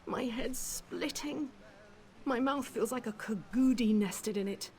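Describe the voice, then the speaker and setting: An actress voicing a hungover high elf woman chef in a fantasy game, theatrical and self-pitying. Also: measured pace, darkish tone. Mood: lamenting.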